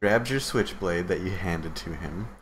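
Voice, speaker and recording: A man's voice: low voice, a little slow, slight background noise. A man running a tabletop role-playing game as game master, laid-back and laughing between lines.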